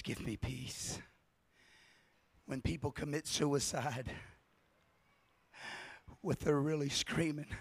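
A man delivers a revival sermon to his congregation, passionately shouting repeated refrains before dropping into a hushed, intense delivery. His medium-pitched voice is creaky and slightly rough, recorded with no echo.

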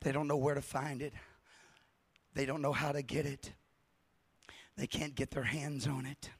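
Level in tone and medium in pitch, with a breathy edge, this man preaches a revival sermon at a moderate pace. He shouts refrains again and again with passion, then lowers to a hushed, intense delivery, and there's no echo.

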